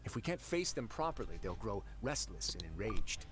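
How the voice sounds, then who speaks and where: A composed prison warden in a video game, speaking calmly and thoughtfully. His voice sits fairly low but moves expressively. Game music plays clearly underneath. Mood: measured. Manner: calm, explanatory, measured.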